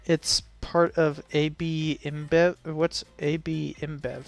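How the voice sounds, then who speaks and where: A man's voice: on the high side, level tone, takes it slowly, gravelly, soft background music. A man casually reacting to a video on stream, rambling and joking with frequent laughs and fillers. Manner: rambling, jokey, laughs often, lots of fillers. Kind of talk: casual chat.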